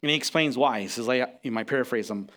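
Animated middle-aged pastor preaching. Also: male voice, mid-range voice, fast talker. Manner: animated storytelling, acts out quotes; restarts and repeats words. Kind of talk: sermon.

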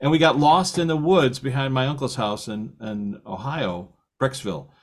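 A man's voice: mid-range voice, moderate pace. Older man telling a rambling story. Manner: rambling storyteller, laughs often. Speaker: podcast host. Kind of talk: casual conversation.

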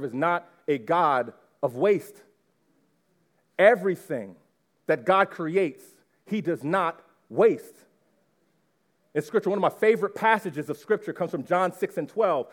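A man in his thirties, a pastor preaching a sermon and speaking straight to his congregation in an animated way. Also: high voice. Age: 30s. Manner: animated, addresses the congregation directly. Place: church before a live congregation.

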